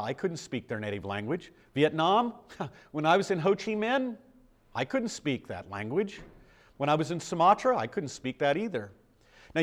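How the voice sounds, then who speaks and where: An older American man preaching a sermon in a conversational way, asking the congregation questions. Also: a little high. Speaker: pastor.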